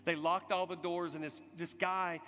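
A man preaching a sermon, telling a story dramatically, swinging from urgent loud passages to hushed, quiet ones. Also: high voice, little pitch movement, moderate pace. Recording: long hall reverb with music behind.

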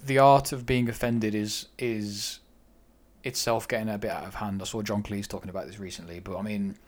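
A man co-hosting a casual discussion, weighing both sides of a question in a measured way. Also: fairly low pitch, steady tone. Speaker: podcast co-host.

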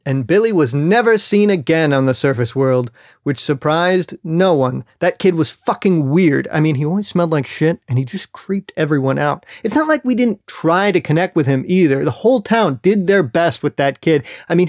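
A man narrating a comic children's-style story, deadpan with crude rambling asides. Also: on the high side, normal speed, dry recording, studio quality. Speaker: storyteller and podcast host.

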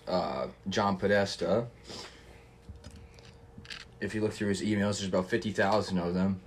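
A man's voice: on the low side, a little hiss or hum. A young man hosting a casual podcast chat, laid-back, swearing freely and laughing often. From Canada. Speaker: podcast host.

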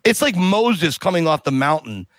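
A middle-aged man, a podcast guest, telling a long story in a lively way and acting out what people said. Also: a little high, moderate pace, no echo. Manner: lively, acts out other people's lines while telling. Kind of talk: animated anecdote telling.

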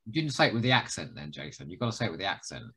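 A man co-hosting a podcast, enthusiastic and jokey, often pausing to find words. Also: low-pitched, very animated, fairly bright tone, breathy edge. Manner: enthusiastic, jokey, hesitant with fillers. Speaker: podcast co-host. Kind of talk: casual podcast chat.

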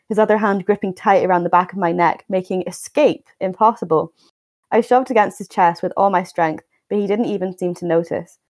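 A young woman hosts a podcast, reading a novel aloud and then offering wry, exasperated commentary. Her voice sits on the low side and is a little mellow, with no room sound. While reading she stumbles and restarts, mixing book reading with casual remarks.

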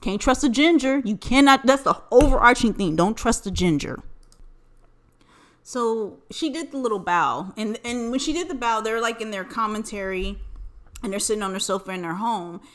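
A woman's voice: fairly high pitch, lively intonation, normal speed, a bit bright. An American woman hosting a podcast, ranting in casual, profanity-filled commentary. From United States. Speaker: podcast host.

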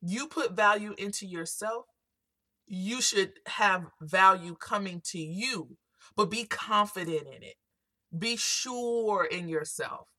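A woman hosting her own self-help podcast, talking through motivational encouragement in a relaxed, conversational way. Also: medium pitch, slow pace, dry recording. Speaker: podcast host.

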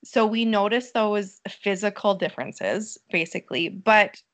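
A woman's voice: mid-range voice, animated, unhurried. A woman who is a mother, guesting on a casual podcast and speaking thoughtfully and hesitantly with many fillers. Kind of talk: casual chat.

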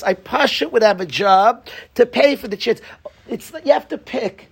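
A man's voice: very high-pitched, moderate pace, gravelly, slightly rough. A man teaching a Torah class to students, pleading and passionate, joking with them at times.

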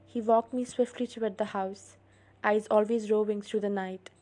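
A woman hosting a read-along show, reading a novel aloud with expressive storytelling. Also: mid-range voice, moderate pace, slight background noise. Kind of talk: audiobook reading.

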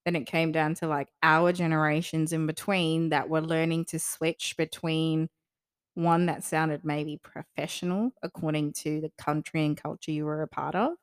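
A woman's voice: sits low, little pitch movement, no room sound, studio quality. A woman co-hosting a podcast, chatting casually and agreeably with fillers. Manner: agreeable, quick back-and-forth with fillers. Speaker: podcast co-host.

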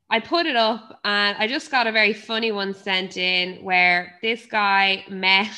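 Bright-voiced Irish woman telling stories. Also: mid-range voice. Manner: chatty storyteller, swears freely. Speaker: podcast co-host. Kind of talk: casual chat.

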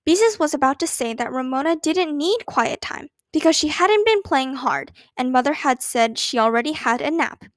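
A woman reading a children's book aloud in a gentle, expressive way. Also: high-pitched, moderate pace, hardly any pauses, dry recording. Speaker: storyteller.

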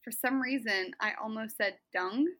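A woman's voice: a little high, moderate pace, a bit bright, low-quality recording. A young woman co-hosting a casual Bible study podcast, bubbly and giggly as she explains the text. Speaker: podcast co-host.

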